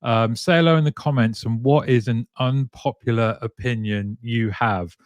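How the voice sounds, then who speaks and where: A man's voice: medium pitch, normal speed, no room sound. Chatty male live-stream host, dry sound. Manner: chatty, greets viewers by name, many ums. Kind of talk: casual live-stream chat.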